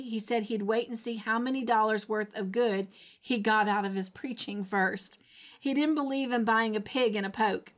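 A woman reading a classic novel aloud as a storyteller, with expressive delivery. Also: fairly high pitch. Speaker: storybook reader.

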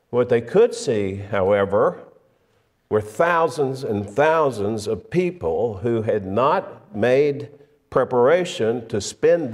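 A man preaching a sermon, measured and emphatic, often pausing on fillers and restarting his phrases. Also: mid-range voice, a little mellow. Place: church sanctuary. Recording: long church reverb.

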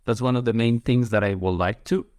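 A man's voice: mid-range voice, a little fast, darkish tone, dry recording, clean studio sound. A man who is a pizza chef, answering interview questions in an eager, rambling way with phrasing.

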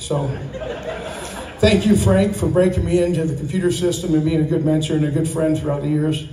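A man in his sixties, slightly high-pitched with a mellow tone, gives a rambling retirement speech full of stories and chuckles. He is picked up from a distance in an echoey room with a faint hum of ambience. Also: fairly even intonation, a little fast. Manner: rambling, storytelling, chuckling often. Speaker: retiree giving a farewell speech. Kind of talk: casual thank-you speech with anecdotes. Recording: echoey room, mic from afar.

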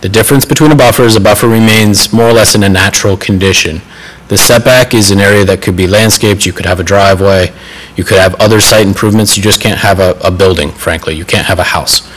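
Male staff presenter at a public council meeting, steady and explanatory, somewhat low pitch. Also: fast talker, a little hiss or hum, rough recording. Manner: methodical, apologetic about slide errors. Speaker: city planning staff presenter.

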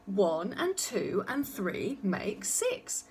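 A woman reading aloud, voicing a proud young mother who talks brightly and emphatically. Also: medium pitch, sing-song, very slow, a little hiss or hum. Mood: delighted.

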